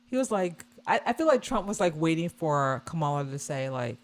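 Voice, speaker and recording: A woman vlogger giving casual reaction commentary on a video, animated and scornful, repeating her points. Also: deep voice, fairly quick.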